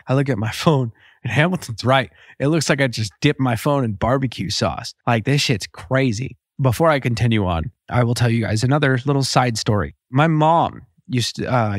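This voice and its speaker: A man hosting a podcast, telling a story in a casual, profane, animated way and acting out the voices of the people in it. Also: medium pitch, no room sound, studio quality. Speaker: podcast host.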